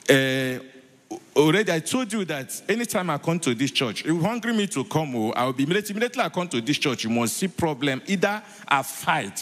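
A man giving a church testimony, halting, repeating himself and filling with many hesitations. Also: a little high, a bit bright. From Nigeria. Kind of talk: spoken testimony. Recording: echoey church hall.

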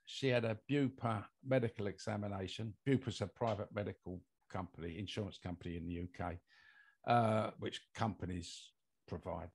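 A man's voice: lowish voice, fairly even intonation, moderate pace, creaky, husky. An older British man, a guest on an interview podcast, telling a long personal story in a rambling way with lots of fillers. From United Kingdom. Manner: rambling anecdotal delivery with many fillers. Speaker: guest, mold investigator.

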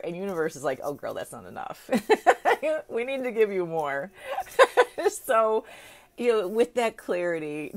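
A woman's voice: on the low side, a little mellow. A middle-aged woman coach chatting casually on a live video, laughing often and checking in with "right?". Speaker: manifestation coach.

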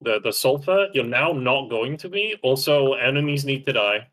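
A young man with a bright, forceful voice talks through a live gameplay stream. He gives a teammate blunt, bossy instructions and curses when he gets frustrated. His pitch sits in an ordinary middle range. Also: expressive, moderate pace.

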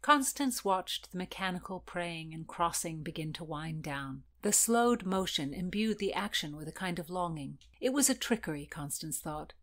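A woman host reading historical fiction aloud in an expressive storytelling manner. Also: lowish voice, normal speed, hardly any pauses. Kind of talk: scripted narration of historical fiction.

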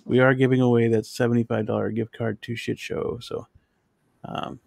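Gravelly easygoing livestream host. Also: male voice, medium pitch, flat delivery, moderate pace, darkish tone, dry recording, studio quality. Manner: easygoing, many fillers. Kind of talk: casual livestream chat.

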